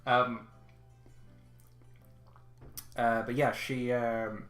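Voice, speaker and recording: A man narrating a tabletop game as game master, his voice bright and sharp at a middle pitch. He rambles and hesitates with lots of fillers, and the sound is roomy and echoing. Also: flat delivery, very slow, faint music behind.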